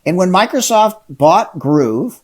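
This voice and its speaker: A middle-aged entrepreneur, guesting in a casual interview, tells his story with tons of energy and enthusiasm, acting out the dialogue. His voice sits high and he speaks slowly.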